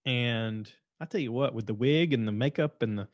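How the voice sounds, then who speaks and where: A man's voice: mid-range voice, moderate pace, dry recording, dull audio. A man hosting his own show, rambling in a casual, opinionated monologue and repeating himself. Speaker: podcast host. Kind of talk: casual monologue reviewing shows.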